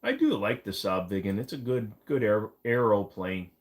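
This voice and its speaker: Low-voiced man rambling on a livestream. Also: animated, normal speed. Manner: rambling, joking, lots of fillers. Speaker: live stream host. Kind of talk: casual live chat reading comments.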